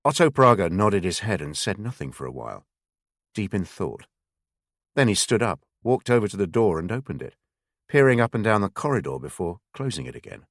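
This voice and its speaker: A man narrating a thriller audiobook in a measured, expressive way. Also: low-pitched, no echo, clean studio sound. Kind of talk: scripted narration.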